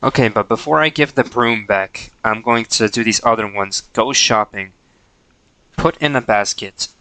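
Bright, clear-voiced man streaming a game. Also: fairly low pitch, normal speed, dry recording, poor audio. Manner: playful, jokey, talks to the characters. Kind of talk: casual gameplay commentary.

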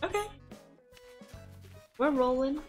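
A woman's voice: high-pitched, lively intonation, slow pace, faint music behind. Chatty young American woman streaming. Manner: chatty, thinks aloud, gasps and laughs often. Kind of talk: casual live-stream chat while gaming. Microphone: desk microphone.

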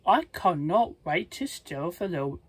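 A storybook reader voicing a scheming father wolf in a husky, breathy voice, with slow plain reading and small restarts. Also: medium pitch, sing-song. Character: scheming male wolf father, bad-natured.

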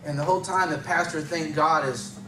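A man's voice: fairly high pitch, steady tone, a little fast, recorded from a distance, noisy background. Man telling testimony in an echoey church. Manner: conversational storytelling with frequent chuckles. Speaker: guest giving testimony.

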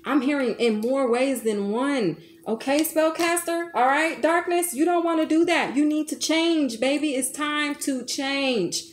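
A woman's voice: sits high, unhurried, hardly any pauses, roomy sound, a little hiss or hum. A woman giving a tarot reading to her listeners, coaxing and emphatic, calling them baby and honey. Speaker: tarot reader.

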